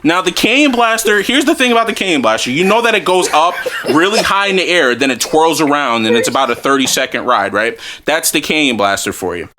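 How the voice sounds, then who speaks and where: A young man hosting a podcast, telling a story in casual chat, animated and profane, often breaking into laughs. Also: a little high, fairly quick, hardly any pauses, a little hiss or hum. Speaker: podcast host.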